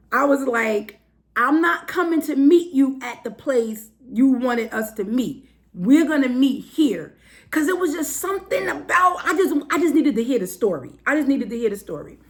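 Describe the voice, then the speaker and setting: A woman from New Jersey hosts a storytelling monologue, her voice high and full of wide, lively swings. She acts out every part of the story and calls out to her listeners in casual slang. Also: measured pace, gravelly. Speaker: host.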